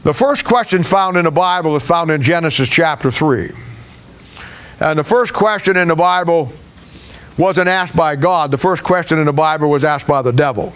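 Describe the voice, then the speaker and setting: A man's voice: on the high side, normal speed, fairly bright tone, clean tone. A man pastor preaching a sermon in a folksy, conversational way, with hesitations.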